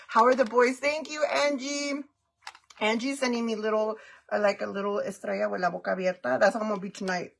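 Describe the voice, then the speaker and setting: A woman's voice: fairly high pitch, steady tone, moderate pace, gravelly, fairly bright tone, a little hiss or hum. A middle-aged woman chatting casually on a makeup livestream, giggling, greeting viewers by name and mixing Spanish phrases into her English. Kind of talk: casual live-stream chat.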